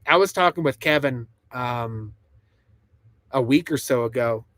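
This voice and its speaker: A man's voice: mid-range voice, unhurried, fairly bright tone, no room sound. A man rambling and laughing through a casual live stream from inside a truck camper, reading chat comments aloud. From United States.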